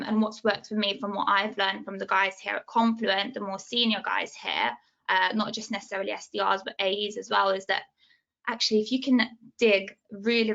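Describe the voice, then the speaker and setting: A woman's voice: mid-range voice, vocal fry, pushed and bright, dull audio. A woman on a video call panel, talking passionately and a little out of breath about her sales work. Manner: passionate, quick and talkative. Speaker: sales development rep, panelist. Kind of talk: casual panel discussion.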